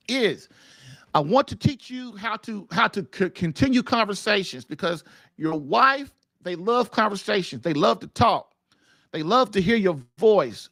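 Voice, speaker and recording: Animated gravelly-voiced man giving marriage advice. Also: high-pitched, dry recording. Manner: emphatic, folksy coaching, repeats himself and says "like" often. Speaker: host of a call-in marriage advice show.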